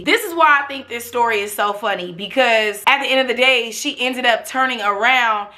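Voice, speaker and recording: A young woman vlogger telling a blunt, profane story in an animated way. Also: a little high, brisk, hardly any pauses. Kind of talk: storytime vlog.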